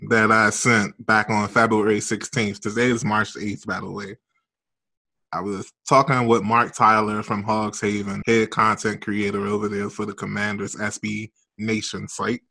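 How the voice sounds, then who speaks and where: A man with a deep voice co-hosting a sports podcast, chatting in an animated, emphatic way. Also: a little slow. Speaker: podcast co-host. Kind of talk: casual sports podcast chat.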